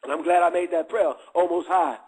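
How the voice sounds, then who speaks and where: Brief: middle-aged man, raspy and a bit high, candid slangy testimony, keeps asking if you follow. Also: flat delivery, fairly quick, a little mellow, low-quality recording. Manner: streetwise slang, constant check-ins with listeners. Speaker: guest giving a testimony.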